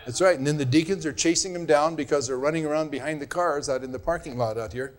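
A male pastor preaching to his congregation in an earnest, admonishing way. His voice sits a little high for a man. He stretches out the words he wants to land. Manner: earnest, admonishing, drawn-out emphasis. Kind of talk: sermon.

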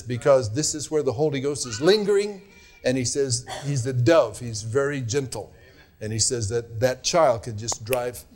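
A man's voice: mid-range voice, a little mellow. A man preaching a sermon as pastor, earnest and admonishing, leaning hard on his key words. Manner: earnest, admonishing, drawn-out emphasis.

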